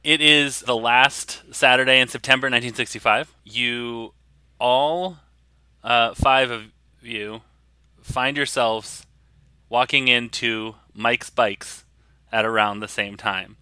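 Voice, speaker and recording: A man running a tabletop game, narrating the scene in a loose, rambling way full of fillers. His voice is very bright and crisp, recorded dry and close. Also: medium pitch, fairly even intonation, takes it slowly, dry recording. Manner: rambling, casual, with laughs. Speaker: game master.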